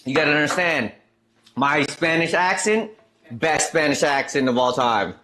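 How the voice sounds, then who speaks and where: A man's voice: on the high side, moderate pace, bright, forceful tone, slight background noise. A man streaming live, chatting casually and reading out chat messages, trailing off and restarting as he goes.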